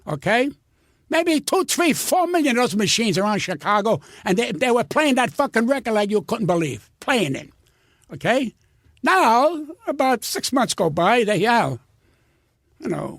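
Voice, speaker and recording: Older male comic, raspy high voice, dry close sound, animated profane storyteller. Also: moderate pace, dry recording. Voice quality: gravelly, husky. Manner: profane, animated storyteller who acts out every quote. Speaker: comedian guest. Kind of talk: storytelling anecdotes.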